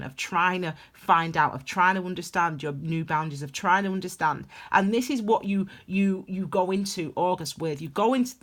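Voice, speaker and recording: A woman giving a casual tarot reading, rambling and emphatic with lots of restarts. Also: fairly low pitch. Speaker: tarot reader.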